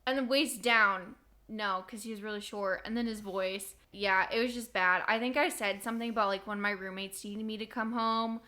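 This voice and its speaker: A young woman co-hosting a podcast, telling a dating story in a chatty, animated way. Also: mid-range voice, moderate pace. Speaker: podcast co-host. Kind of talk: casual storytelling chat.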